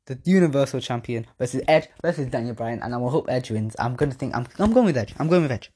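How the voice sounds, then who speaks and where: A man's voice: medium pitch, expressive, fast, few pauses, warm tone, breathy edge. A man hosting a podcast, rambling through casual chat with slang, swearing and self-mocking laughs. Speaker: podcast host. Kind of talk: casual wrestling predictions chat.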